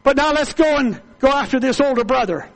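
A man preaching a sermon with fervent, repetitive delivery that climbs into loud, high-pitched exclamations. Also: fairly quick, creaky, low-quality recording.

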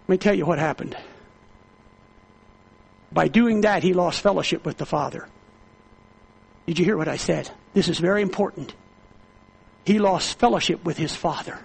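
Fervent male preacher, very high gravelly voice, builds his sermon with repetition and rising shouts. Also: moderate pace, long pauses, rough recording.

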